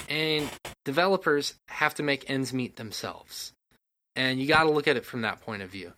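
A man's voice: mid-range voice, sharp tone. A man co-hosting a casual gaming podcast, speaking in an emphatic, opinionated rant. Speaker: podcast co-host.

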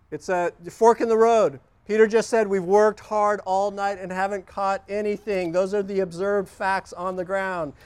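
A middle-aged man preaching with a high, smooth, clear voice. He speaks slowly and earnestly, sinking into hushed, prayerful lines and then lifting with excitement. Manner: earnest, prayerful, swings between hushed and animated. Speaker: pastor. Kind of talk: sermon.

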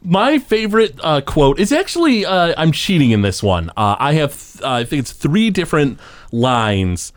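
A man hosting a podcast in relaxed chat, his voice sitting fairly high with lively ups and downs. He fills his sentences with an upbeat, hesitant "uh". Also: normal speed. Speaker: podcast host. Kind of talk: casual chat.

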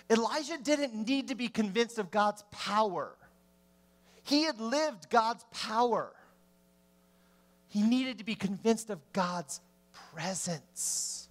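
Slow-paced preacher man, emphatic. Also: sits high, animated. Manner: swings between emphatic rising questions and hushed drops. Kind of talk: sermon.

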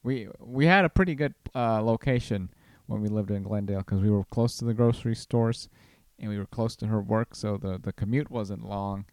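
Brief: male podcast host, mid-pitched and smooth, chatty and rambling, dry close sound. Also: normal speed, a little mellow, no room sound. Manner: rambling, with many restarts and chuckles. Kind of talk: casual chat. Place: home.

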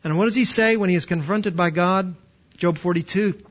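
High-voiced man preaching emphatically. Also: fairly bright tone, muffled recording. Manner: emphatic, with rhetorical questions and slowed stresses. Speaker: pastor. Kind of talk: sermon.

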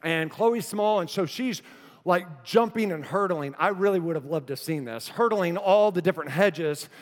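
A man with a high voice preaches a sermon to his congregation, easygoing and joking but turning earnest. His voice rings out with the long reverb of a church hall. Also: moderate pace. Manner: conversational, joking, then earnest. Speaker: pastor. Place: church sanctuary.

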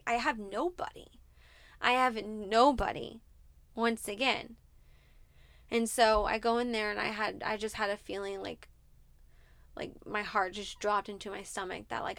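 A woman's voice: mid-range voice, creaky, fairly bright tone, no room sound. A woman guest on a podcast, telling a personal story in an earnest, candid way with lots of filler words.

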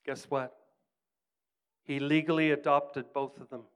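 A man preaching by storytelling. His voice is smooth and clear and sits a little high. He talks earnestly and drops to a hush for the quoted words. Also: flat delivery, unhurried. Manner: earnest, drops to soft hushed tones in quoted lines, rises for emphasis. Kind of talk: sermon storytelling.

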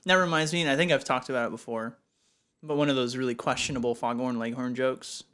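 Bright, playful male podcast co-host. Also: mid-range voice, fairly even intonation, clear, resonant tone. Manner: playful, joking, quick to laugh. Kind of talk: casual podcast banter.

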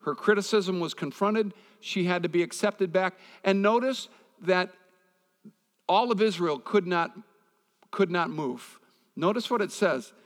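A man's voice: high voice, measured pace. Man preaching a conversational sermon in a hall. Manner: conversational preaching with personal stories. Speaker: pastor.

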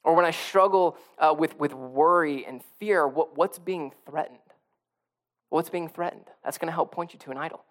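A man's voice: fairly high pitch, moderate pace. A male pastor preaching a sermon in a conversational way, often repeating and restarting phrases and building to emphatic peaks.

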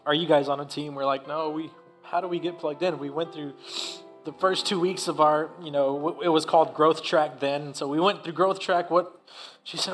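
A man giving a heartfelt personal testimony in a church service, with halting restarts. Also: a little high, steady tone, a bit bright, soft background music. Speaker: church speaker.

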